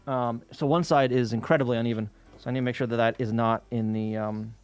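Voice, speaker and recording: A man's voice: medium pitch, fairly even intonation, fast talker, darkish tone, clear, resonant tone, soft background music. A man chatting casually on a livestream, telling an exasperated, profane story while he works. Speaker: streamer. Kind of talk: casual chat with chat while working.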